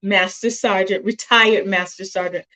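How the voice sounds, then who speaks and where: A middle-aged woman talks to her viewers through her phone during a live stream, her voice heartfelt and at times close to tears. She speaks directly to the people watching, pausing to compose herself before going on. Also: medium pitch, fairly even intonation, rough recording. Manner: emotional, choking up and apologizing; warm, addresses viewers directly. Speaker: host of a self-help live stream.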